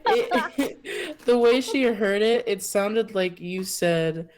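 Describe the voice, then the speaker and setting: Woman game master, easygoing, chuckling narration, mid-pitched voice. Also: lively intonation, slow pace, crowd noise.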